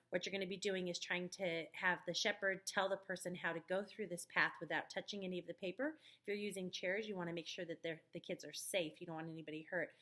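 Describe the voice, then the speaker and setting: A woman talks volunteer teachers through a week's lesson plan in a relaxed, chatty way, pausing on ums as she goes. She records the briefing herself at home on a webcam or computer mic. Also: fairly low pitch. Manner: friendly, talks teachers through steps with many fillers. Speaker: children's ministry leader. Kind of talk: casual instructional video briefing. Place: at home, dog nearby.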